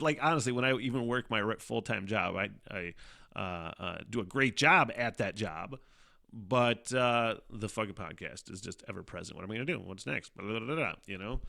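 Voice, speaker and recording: Guy hosting a solo podcast, gravelly voice, bright edge, swears a ton and rambles. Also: fairly low pitch. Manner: rambling and profane, with frequent fillers and laughs. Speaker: podcast host. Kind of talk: casual solo podcast monologue.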